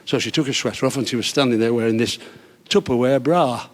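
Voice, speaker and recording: A man's voice: mid-range voice, fast. A man telling old-school stand-up jokes in a chatty way, chuckling as he goes. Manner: chatty, chuckles between lines, broad punchlines. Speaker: stand-up comedian. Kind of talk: club stand-up joke telling.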